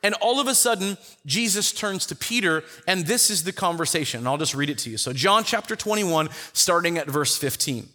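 A man teaching a Bible study in a conversational way, telling the story with lively acted-out quotes. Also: high voice, brisk, hardly any pauses, long reverb tail. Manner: animated storyteller who acts out the quotes.

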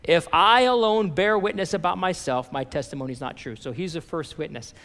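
Man, pastor, sermon, high pitch, long church reverb. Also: a little fast. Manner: animated preaching, quoting scripture.

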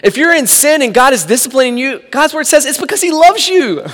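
A man preaching a sermon, animated, acting out the people in the story with sarcastic asides. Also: very high-pitched, a little fast. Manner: animated, acts out quoted dialogue, sarcastic asides. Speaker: pastor. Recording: long hall reverb.

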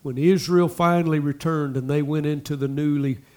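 A man preaching a sermon, talking to the congregation in asides and repeating lines as he builds to loud exhortation. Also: a little high, steady tone, moderate pace. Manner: impassioned, repetitive preaching that swells to loud exhortation. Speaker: pastor.

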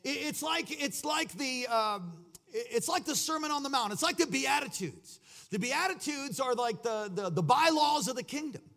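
A man's voice: very high-pitched, lively intonation, moderate pace, fairly bright tone. A man preaching a sermon, telling a rambling story full of fillers and restarts, then exhorting his congregation. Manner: rousing, exhorting. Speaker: pastor.

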